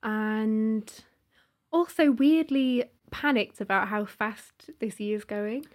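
A woman's voice: on the high side, takes it slowly. A young woman from Cheshire, a guest musician chatting casually, giggly and self-deprecating, full of "like". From Cheshire, England. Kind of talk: casual interview chat.

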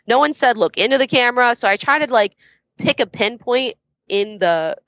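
A woman's voice: on the high side, expressive, moderate pace, fairly bright tone, no echo, dull audio. A woman being interviewed as a guest judge, talking candidly, laughing often and swearing casually.

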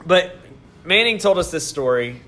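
A man's voice: sits high, moderate pace, a little hiss or hum. A man co-hosting a podcast, telling a story in casual chat with lots of laughter. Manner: animated storyteller, laughs often. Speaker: podcast co-host.

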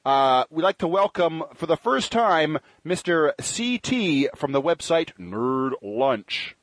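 A man hosts a podcast chat with a slightly raised pitch that swoops up and down as he jokes. His voice is close and dry, with no room sound behind it, and he fills his pauses with ums and uhs. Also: dry recording. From Canada. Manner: animated, jokey, with filler ums and uhs. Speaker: podcast host.

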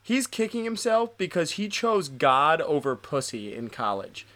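A man's voice: fairly high pitch, unhurried. A man in his twenties chatting on a podcast, ranting and telling stories with constant swearing. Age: 20s. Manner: animated, profane ranting storyteller. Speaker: podcast co-host. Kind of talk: casual podcast chat.

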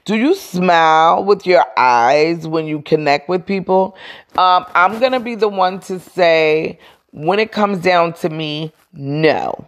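A self-assured woman with a fairly low voice hosts a casual motivational podcast. She talks straight to her listeners, pressing and repeating her points. Her delivery is frank and emphatic, and she often answers her own questions. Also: slow pace. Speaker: podcast host.

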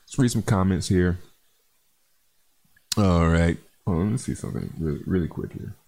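A man with a very low, gravelly voice hosts a crypto livestream. He reads out viewer comments in a relaxed, chatty way, calling people man and bro. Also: moderate pace. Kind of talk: casual livestream chat reading comments.

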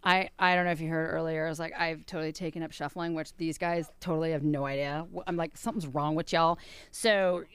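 A woman hosting a radio show in bubbly, animated, joking casual chat. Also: deep voice, fast talker, clean tone. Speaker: radio host.

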